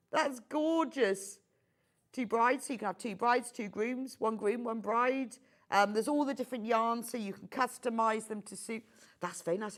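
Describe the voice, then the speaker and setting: A middle-aged woman presenting a live home-shopping show, chatty and gushing with enthusiasm. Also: fairly high pitch.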